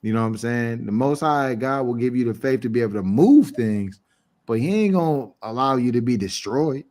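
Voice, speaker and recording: A man co-hosting a scripture talk calmly, slowing down to read verses. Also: mid-range voice. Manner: calm, slow and deliberate when reading verses. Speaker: co-host of a scripture show. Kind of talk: casual religious discussion.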